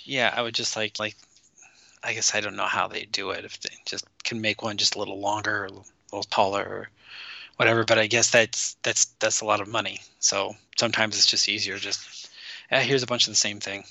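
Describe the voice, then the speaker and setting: A man's voice: lowish voice, little pitch movement, a little fast, vocal fry, sharp tone, no echo. A man co-hosting a casual podcast chat, rambling through jokey asides. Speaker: podcast co-host.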